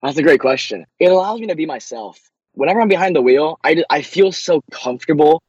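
A young man, a racing driver, answering interview questions eagerly, with many quick restarts. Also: fairly high pitch, animated, breathy edge, no echo, dull audio.

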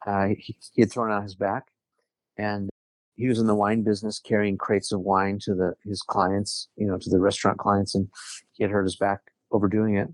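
A man's voice: on the low side, flat delivery, normal speed, dry recording. A middle-aged man telling a personal story in casual conversation, earnest, often restarting his sentences. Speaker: guest.

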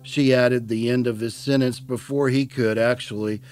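A man narrating an audiobook in a plain, measured storytelling manner. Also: mid-range voice, steady tone, a little mellow. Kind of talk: scripted narration.

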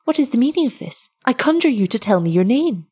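A woman voicing a brash young male gentleman who speaks eagerly and in exclamations. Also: on the high side, very animated, fast, slightly rough, voice pushed up. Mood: astonished. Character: brash young male laird, wooing then astonished.

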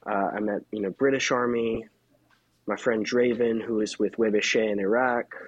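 A man from the United States talks as a podcast guest in a husky, slightly low voice. He speaks candidly and thinks aloud, often restarting his sentences. The sound is dry and close. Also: steady tone, normal speed, no room sound, muffled recording. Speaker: freelance journalist, guest. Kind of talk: casual podcast conversation.

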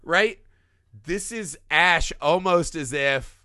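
Male podcast co-host, casual film talk, bright and forceful, slightly higher voice. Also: normal speed, no room sound, clean studio sound. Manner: animated, quotes movie lines in put-on voices.

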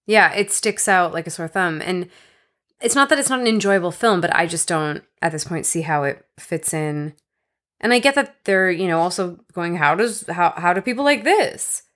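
A woman's voice: lowish voice, animated, normal speed, a bit bright. A woman co-hosting a casual film chat, frank and wry in her opinions. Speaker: podcast co-host. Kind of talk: casual movie discussion.

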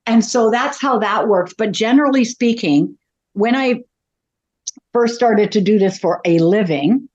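A woman's voice: medium pitch, a little slow, darkish tone, muffled recording. A woman, a psychic medium, talking casually in an interview as a chatty, self-deprecating storyteller.

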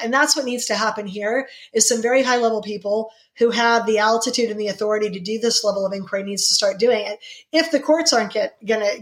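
A middle-aged woman answering interview questions with fervent indignation, her pitch jumping sharply when she presses a point. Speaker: guest.

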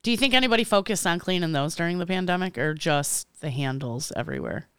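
A woman's voice: lowish voice, fast, clean tone, dry recording, clean studio sound. A woman with a Midwestern accent co-hosting a podcast, chiming in bluntly and agreeably during casual chat. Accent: Midwestern American. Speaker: podcast co-host.

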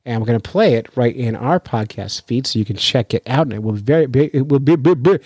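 A man hosting a podcast, telling a story in a lively, chatty way with frequent restarts, then commenting on the news. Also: mid-range voice, a little fast, breathy edge, no room sound. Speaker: fishing podcast host.

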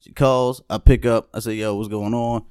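A man's voice: mid-range voice, steady tone, moderate pace, darkish tone, clear, resonant tone, dry recording, clean studio sound. A young adult man hosting a casual podcast, telling a story in a laid-back way and often asking "you know what I'm saying". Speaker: podcast host.

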